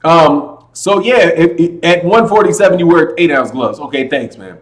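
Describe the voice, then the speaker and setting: A man hosting a casual boxing livestream, talking loudly and animatedly, constantly calling his listeners "man" and "brother", with a slight echo on the sound. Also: on the high side, normal speed. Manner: loud, animated, says "man" and "brother" a lot. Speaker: boxing channel host.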